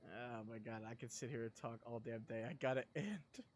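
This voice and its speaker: A young man chatting casually on a live stream, rambling and excitable, laughing often and sounding sleepy. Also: mid-range voice, moderate pace, a little hiss or hum.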